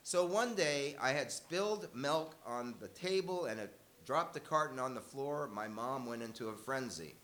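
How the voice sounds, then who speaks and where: A man's voice: mid-range voice, lively intonation, normal speed, hardly any pauses, a bit bright. An older man telling a personal story live to an audience, conversational and wry, correcting himself as he goes.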